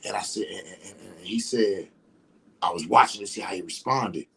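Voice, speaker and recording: A man's voice: sits low, normal speed, vocal fry, fairly bright tone, husky. Rambling man talking on a livestream. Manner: rambling, repeats "you know what I'm saying". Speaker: livestream host. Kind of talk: casual livestream monologue.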